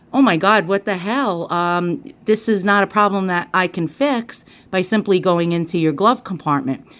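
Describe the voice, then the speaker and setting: A woman tells a personal story to her viewers in a relaxed, chatty way. She pauses with frequent fillers and acts out what others said as she goes. Her voice sits at a middling pitch. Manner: chatty, animated retelling with many fillers. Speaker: vlogger. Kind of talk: casual storytelling.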